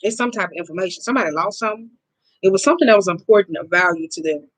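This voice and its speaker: A woman giving a casual card reading to her viewers, blunt and profane, with emphatic, drawn-out repetitions. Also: mid-range voice, no room sound, poor audio. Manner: blunt, profane and expressive, talking straight to viewers. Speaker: oracle card reader.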